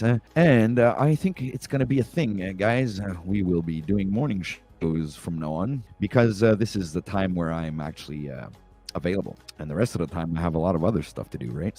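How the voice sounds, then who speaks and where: A man hosting a casual morning live stream, laid-back and rambling, giving viewers lots of shout-outs. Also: deep voice. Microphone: home streaming mic on a stand.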